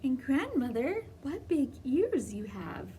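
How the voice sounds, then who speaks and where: A woman voicing a polite, cheerful little girl in a storybook read-aloud, bright and trusting. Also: high-pitched, big pitch swings, slow pace, recorded from a distance, a little hiss or hum, pitched above the performer's own voice, heavily acted. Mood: wondering.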